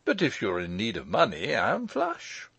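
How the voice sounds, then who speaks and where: A man's voice: on the low side, wildly swooping pitch, normal speed, gravelly, fairly bright tone, slightly rough, no echo, exaggerated voice. A man reading the part of a breezy, good-humoured young lawyer with a teasing manner. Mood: jaunty.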